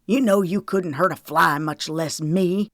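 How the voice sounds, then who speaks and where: A woman's voice: on the low side, measured pace, dry recording, clean studio sound, lightly acted. A woman voicing a sneering, menacing man. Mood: condescending. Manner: sneering, ordering. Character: menacing condescending grown man, an abuser.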